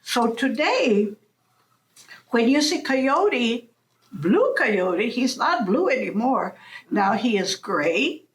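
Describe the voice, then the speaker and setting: A woman telling a folk tale as a storyteller, narrating in a slow, animated way with frequent chuckles. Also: fairly high pitch.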